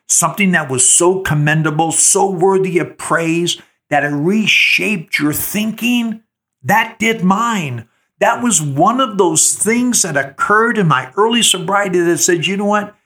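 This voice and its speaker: An older man leads a spiritual recovery reflection in an earnest, sermon-like manner and keeps turning to his listeners with questions. His voice is bright and sits a touch high. He takes his time, with long unhurried pauses. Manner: slow, earnest, preacher-like with rhetorical questions. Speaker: podcast host.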